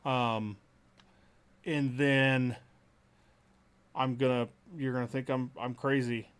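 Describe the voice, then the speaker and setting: A man co-hosts a relaxed football talk show. He hedges his picks, trails off and restarts as he thinks out loud, with an easy conversational delivery. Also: medium pitch, slow, smooth. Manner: hedging, thinks aloud with restarts. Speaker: co-host. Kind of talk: casual sports chat.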